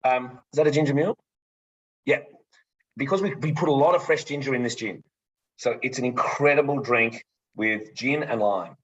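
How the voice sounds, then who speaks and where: Presenting a gin tasting for his distillery, which he co-founded, a man speaks energetically and casually at a moderate pace in a mid-range voice. He pauses often and trips over repeated words, and the recording is muffled and a bit lo-fi.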